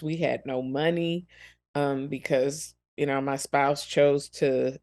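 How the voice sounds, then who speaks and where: A woman's voice: a bass voice, level tone, slow pace, darkish tone. A woman co-hosting a ministry podcast, speaking earnestly and compassionately about helping children through hard times. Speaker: podcast co-host. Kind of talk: reflective ministry podcast talk.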